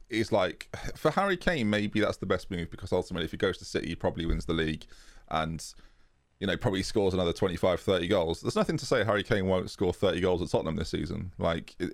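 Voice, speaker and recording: A man's voice: deep voice, lively intonation, fast, gravelly, dry recording, studio quality. A British man co-hosting a podcast, chatting casually and jokily about football in a rambling way. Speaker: podcast co-host.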